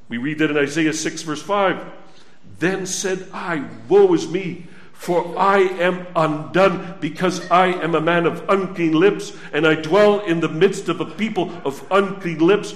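A man preaching a sermon, slow and emphatic, swelling loud on key words and dropping to a hush. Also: sits high. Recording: echoey room.

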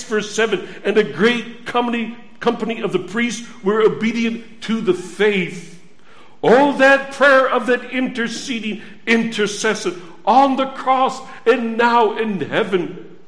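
High-voiced man preaching in an echoey room. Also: a bit bright. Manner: earnest, addresses the listeners directly with questions. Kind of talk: sermon.

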